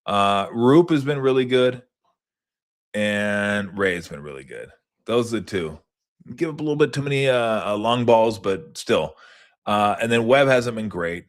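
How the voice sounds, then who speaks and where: A man hosting a sports talk show in casual chat, rambling and profane, wandering into tangents with loud bursts. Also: on the low side, expressive, a little slow.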